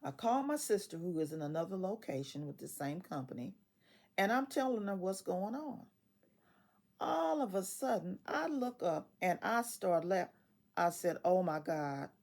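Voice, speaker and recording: Low gravelly woman in her sixties. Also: normal speed. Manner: animated, quotes others in dialogue; laughs often while telling. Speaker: retiree storyteller. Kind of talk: casual storytelling.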